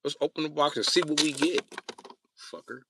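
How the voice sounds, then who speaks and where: A man's voice: on the high side, a little fast, heavy background noise. A man chatting casually on his live stream, joking and cursing freely. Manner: crude, profane, joking. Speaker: livestreamer.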